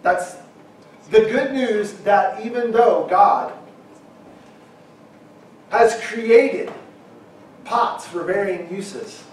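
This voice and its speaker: A middle-aged man preaching a sermon, emphatic, at times shouting and acting out quoted objections. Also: sits high, drawn-out words, long pauses. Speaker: pastor. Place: church hall. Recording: very echoey hall from far off.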